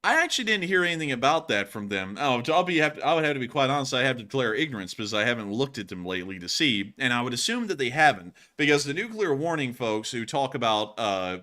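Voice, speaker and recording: A man hosts a casual livestream, answering viewer messages in a rambling way. He keeps repeating his thank-yous and stock sign-off phrases. His voice sits at an average pitch. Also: sing-song, fast talker, hardly any pauses, sharp tone. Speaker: livestream news host.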